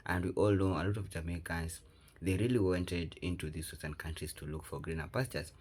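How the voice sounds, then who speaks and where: A deep-voiced man with a husky, rough edge greets his viewers as a reaction host. His commentary is casual and direct, with slightly broken phrasing. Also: fairly even intonation, a little fast, a little mellow.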